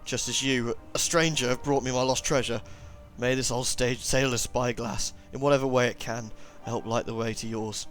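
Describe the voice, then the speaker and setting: A man voicing an aging seaman from a video game, soaked in drink and sentiment. He speaks in grand, dramatic, old-fashioned phrases, slow and deliberate, in a comedy accent. The voice sits in a middling register. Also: medium pitch, steady tone, soft background music, close to an everyday voice. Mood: tender, grateful. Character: elderly male drunken sailor, sentimental about his lost ship.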